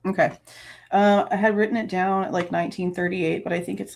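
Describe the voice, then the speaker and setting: A woman's voice: fairly low pitch, flat delivery, fairly quick, creaky. A woman, hosting a true crime livestream, ranting angrily, swearing and laughing between outbursts. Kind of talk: casual livestream rant.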